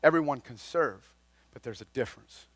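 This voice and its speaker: A man preaching a folksy, conversational sermon, swinging between loud and quiet. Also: mid-range voice, lively intonation, normal speed, no echo. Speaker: lay speaker at a chapel.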